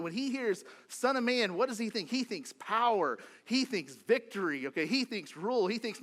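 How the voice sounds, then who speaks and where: A man's voice: sits high, very animated, moderate pace, few pauses, fairly bright tone. A male pastor preaching a sermon in a casual way, often asking "okay?" and acting out what the people in the story say. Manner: conversational preaching, frequent "okay?" check-ins, acts out quotes. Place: church sanctuary.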